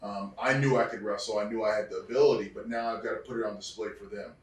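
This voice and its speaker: A man who used to wrestle, interviewed as a guest, telling animated stories about his career and acting out other people's voices. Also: on the low side, quick pace. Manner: animated storyteller, acts out quoted voices. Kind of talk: casual storytelling interview. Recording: roomy sound from a distant mic.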